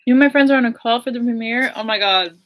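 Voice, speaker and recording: A woman's voice: on the high side, fast talker, a bit bright. A young woman musician chatting on a livestream, giddy and gushing, laughing often. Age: young adult. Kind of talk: casual livestream chat. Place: home.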